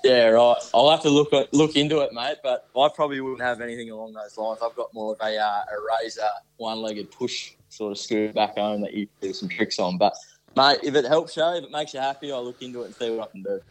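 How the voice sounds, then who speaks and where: A man's voice: mid-range voice, fairly even intonation, quick pace, rough recording. A man, a guest footballer on a podcast call, laid-back and teasing. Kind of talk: casual podcast chat.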